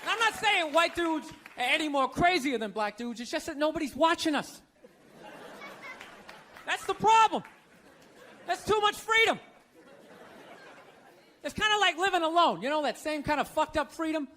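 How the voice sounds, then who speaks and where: Stand-up man, very high bright tenor, sarcastic ranting, live stage mic with a faint crowd. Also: expressive, moderate pace, pauses often, slight background noise. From United States. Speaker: stand-up comedian. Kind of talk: stand-up routine. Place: comedy stage before a live audience. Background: audience laughter.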